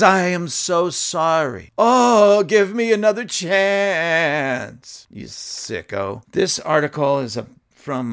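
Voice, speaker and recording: A man's voice: mid-range voice, creaky, fairly bright tone. A man giving opinionated commentary, reading news aloud and scolding emphatically, with fillers and restarts along the way. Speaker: political commentator.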